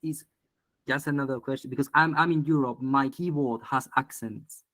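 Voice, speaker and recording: A man asks questions in an online class, stopping often to apologize and hedge. His voice sits at a middling pitch, dry and close through the call. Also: normal speed, a bit bright, dry recording, rough recording. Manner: apologetic, hesitant. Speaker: student. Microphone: video call.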